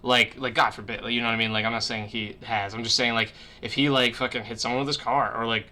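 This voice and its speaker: A young man with a bright, forward voice chats casually on a livestream. He rambles, swears freely and leans on fillers, talking into a webcam mic on a call from his room at home. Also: medium pitch, level tone, quick pace. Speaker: streamer podcast host. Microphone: webcam mic on a video call.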